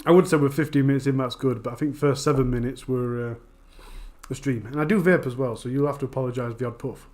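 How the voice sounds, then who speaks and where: A man with a broad Yorkshire accent, casually chatting with viewers on a live stream, talking quickly and informally. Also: mid-range voice, steady tone, darkish tone. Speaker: true crime channel host.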